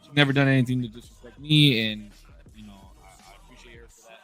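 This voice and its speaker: A man's voice: mid-range voice, fast talker, fairly bright tone, no echo, soft background music. A man in his thirties talking candidly in a casual conversation, emphatic and blunt, often restarting his sentences. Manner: emphatic, frequent profanity and restarts.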